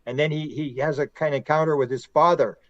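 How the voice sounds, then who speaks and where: A middle-aged man, a podcast guest and author, telling long stories in a rambling, animated way and acting out quotes. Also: on the high side, quick pace, no room sound, lo-fi sound. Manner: animated, rambling storyteller who acts out quotes. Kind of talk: casual conversational storytelling.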